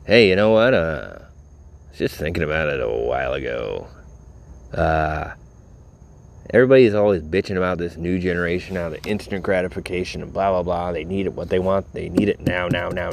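A man's voice: low-pitched, normal speed, creaky. A tired man rambling casually to his audience, laid-back and full of profanity. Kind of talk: casual rambling talk to camera.

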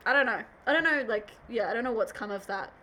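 A woman's voice: a little high, expressive, fast talker, pushed and bright, slight background noise. A young woman co-hosting a casual podcast chat, rambling with lots of 'like' and 'um' and trailing off mid-thought. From Australia. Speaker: podcast co-host.

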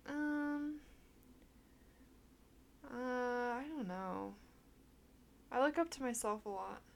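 Young woman podcast cohost, kinda high voice, giggly and chatty. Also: drawn-out words, gravelly. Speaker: podcast co-host. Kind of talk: casual chat.

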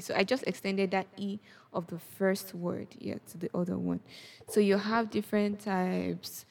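Woman teaching language on a podcast, bit of vocal fry, keeps asking "yes?". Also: medium pitch, flat delivery, measured pace, a little mellow. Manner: explanatory, checks in with "yes?" and "okay?".

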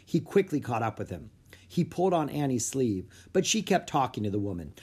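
An expressive reader telling a children's chapter book aloud. The voice rises and falls in lively pitch, with a slightly husky tone. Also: fairly quick. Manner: expressive storytelling. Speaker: audiobook narrator.

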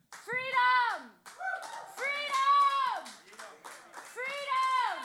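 High-voiced woman, impassioned and overwhelmed. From United States. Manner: emotional, intense, with swearing. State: overwhelmed, close to tears. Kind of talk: impassioned personal monologue.

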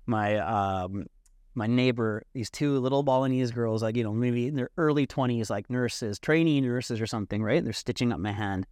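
A young man telling a story in a casual, animated way, swearing and acting out the people he quotes. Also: mid-range voice, normal speed, no echo, studio quality. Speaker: podcast guest.

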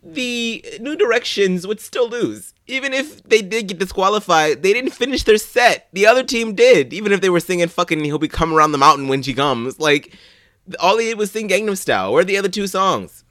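A man's voice: high-pitched, animated, fairly quick, a bit bright, no echo, clean studio sound. A man co-hosting a podcast who gives blunt, profane, sarcastic commentary. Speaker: podcast co-host. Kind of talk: casual recap chat.

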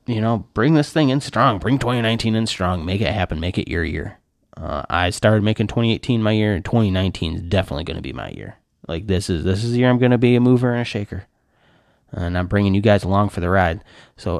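A man's voice: fairly low pitch, no room sound. Rambling casual podcast man, dry sound. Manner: rambling, animated storytelling with laughs and filler words. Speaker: podcast host. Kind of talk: casual solo podcast chat.

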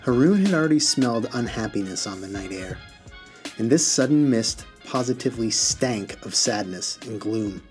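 A man reading a novel aloud to a class as their teacher, with expressive delivery. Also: mid-range voice, normal speed, soft background music.

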